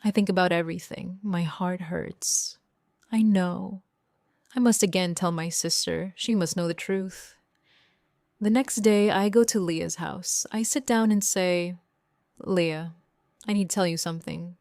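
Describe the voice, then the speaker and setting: A young woman narrating a first-person story in slow, simple, clear sentences for English learners. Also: lowish voice, darkish tone, dry recording, clean studio sound. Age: young adult. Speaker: audiobook narrator.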